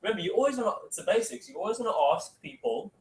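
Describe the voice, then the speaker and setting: A man's voice: high voice, very fast. A man giving a casual sales training talk to a room. He keeps saying "okay" and acts out phone calls. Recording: echoey room, mic from far off.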